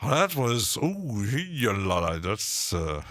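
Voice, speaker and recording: Slow, low-voiced man rambling on stream. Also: big pitch swings, pushed and bright, no room sound. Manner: rambling, halting, with many restarts and frequent laughs. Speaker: live-stream host. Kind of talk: rambling casual chat on a live stream. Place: home studio.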